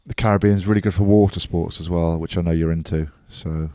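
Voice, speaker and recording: A man's voice: deep voice, fairly even intonation, fast talker, warm tone, no echo. A man joking and teasing his co-host in a casual podcast chat.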